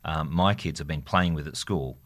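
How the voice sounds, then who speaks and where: A middle-aged man with a very low voice and a bright, ringing edge co-hosts a casual podcast. He talks in a joking, self-mocking way and drifts into anecdotes. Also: normal speed. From rural Australia. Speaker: podcast co-host. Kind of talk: casual chat.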